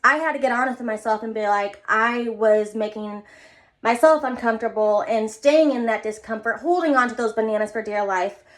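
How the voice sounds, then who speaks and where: Casting note: earnest young woman vlogger with a fairly high voice, rambling through a heartfelt pep talk. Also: normal speed. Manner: earnest, rambling, repeats herself. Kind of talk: casual motivational monologue.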